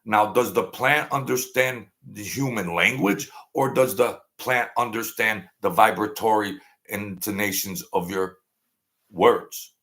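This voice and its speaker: Gravelly man in his sixties, rambling. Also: fairly low pitch, takes it slowly, a bit bright. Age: 60s. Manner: rambling, digressive, chuckles at own jokes. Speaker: live stream host. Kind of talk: casual live-stream chat with viewers.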